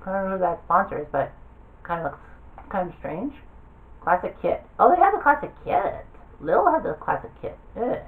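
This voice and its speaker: A woman's voice: medium pitch, sing-song, moderate pace, narrow, tinny audio. A woman giving offhand, rambling commentary while browsing a game, thinking aloud as she goes. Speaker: gaming video creator.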